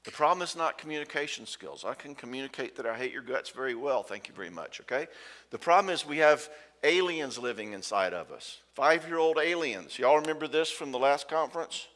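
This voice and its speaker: A man's voice: medium pitch, lively intonation, brisk, a bit bright. A man gives a joking, folksy talk to couples at a conference and acts out what spouses say to each other. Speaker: conference speaker. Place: church hall. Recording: hall reverb.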